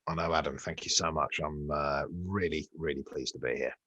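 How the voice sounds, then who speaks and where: A man's voice: rumbling low, fairly even intonation, fairly quick, pushed and bright, no echo. A middle-aged man, an executive coach being interviewed over a remote call, talking in a jokey, self-deprecating, rambling way. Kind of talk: conversational interview.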